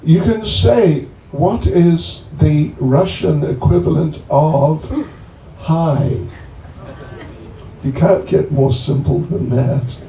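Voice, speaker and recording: Man in a relaxed, joking talk to a crowd of devotees: deep, dark tone, slow delivery, sounds distant and echoey with faint background noise. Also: vocal fry. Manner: joking, chatty, slow and rambling. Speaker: swami introducing a guest. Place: bonfire gathering.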